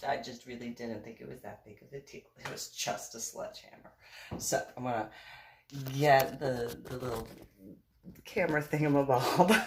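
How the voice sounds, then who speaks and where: A woman's voice: rumbling low, background noise. A woman who works as a model, telling stories about photo shoots in a rambling, giggly, casual way. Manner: rambling, giggly, with frequent laughs and restarts. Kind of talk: casual storytelling chat. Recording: roomy echo, distant mic.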